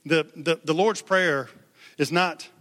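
A man's voice: fairly high pitch, takes it slowly, bright, forceful tone. A male pastor preaching a sermon in an emphatic, conversational way, calling on the congregation to respond. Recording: long hall reverb.

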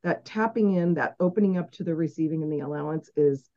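A woman's voice: low voice, quick pace, warm tone. A woman co-hosting a podcast, enthusiastic and agreeable, sometimes restarting her sentences. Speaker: podcast co-host. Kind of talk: casual podcast chat. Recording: dull lo-fi audio.

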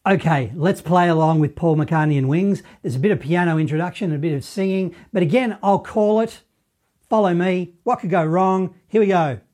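A man's voice: high-pitched, normal speed, a little mellow. A man with an Australian accent teaching saxophone, chatty and encouraging, with some self-deprecating humor. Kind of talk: play-along music lesson.

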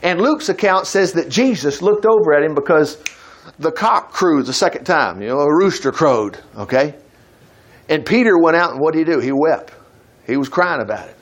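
A man preaching a sermon in a conversational way, reading scripture aloud and acting out quoted voices, with sudden loud peaks and soft drops. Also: on the high side, lively intonation, normal speed.

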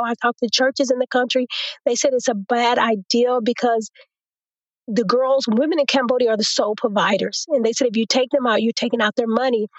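A woman's voice: fairly high pitch, dry recording, highs cut off. A woman guest in an interview, telling a personal testimony and acting out what others said to her. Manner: storytelling, quotes others in a lively retelling.

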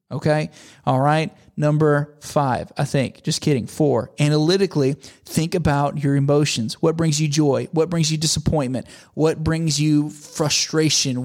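Guy in his 30s giving a chatty sermon, kinda gravelly, repeats stuff for emphasis. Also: on the high side. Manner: earnest, conversational, repeats phrases for emphasis.

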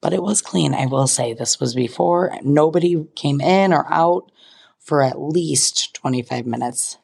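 Gravelly young woman telling a comic tale. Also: low-pitched, a little slow, darkish tone. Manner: comic, self-mocking, dramatic asides. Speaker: podcast host. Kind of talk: casual storytelling.

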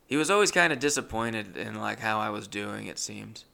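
Young male comedian, gravelly and bright, rambling self-deprecating storyteller. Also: lowish voice, fairly quick, hardly any pauses. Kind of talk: comic storytelling.

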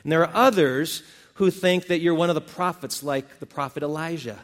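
A man's voice: fairly high pitch, moderate pace, long reverb tail. A male pastor preaching a sermon, retelling scripture stories in a casual, folksy way.

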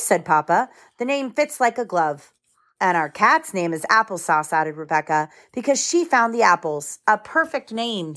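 A mother reads a picture book aloud at home in a mid-pitched voice. She stops now and then to explain the story to her children in plain, simple words. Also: fairly bright tone.

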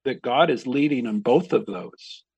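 A man, a pastor, talking through a Bible passage in a reflective, measured way with frequent pauses. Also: medium pitch, expressive, a little mellow, slightly rough, dry recording, lo-fi sound. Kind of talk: conversational Bible discussion.

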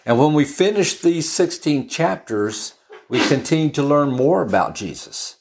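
A man's voice: fairly high pitch, expressive, a little slow, a little mellow. Chatty male preacher teaching scripture. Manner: chatty and storytelling, with frequent restarts and asides. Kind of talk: conversational Bible teaching.

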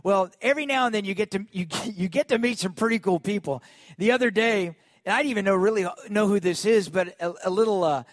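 A man with a notably high-pitched voice delivers a lively storytelling sermon, calling on the congregation to join in. His voice sounds close and dry. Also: fast talker, no room sound. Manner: lively, calls on the congregation to respond. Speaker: pastor.

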